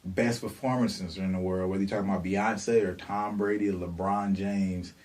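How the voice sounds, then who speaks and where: A man's voice: sits low, flat delivery, normal speed, darkish tone, recorded from a distance. A man co-hosting a music podcast, telling rambling, laid-back stories. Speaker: podcast co-host. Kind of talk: casual podcast chat.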